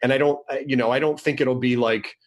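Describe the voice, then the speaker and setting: A man's voice: mid-range voice, steady tone, quick pace. A man in casual conversation, rambling with many fillers and restarts. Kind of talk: casual chat.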